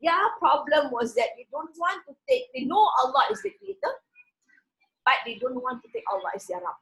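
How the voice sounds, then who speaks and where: A woman teaching a Quran passage, reading the Arabic words slowly and with stress, then explaining them in a relaxed way with many restarts. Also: high-pitched, poor audio.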